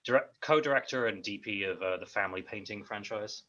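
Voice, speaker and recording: A man's voice: on the low side, fairly quick, sharp tone, lo-fi sound. An Irish man hosting a casual chat, making dry joking asides. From Ireland. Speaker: host.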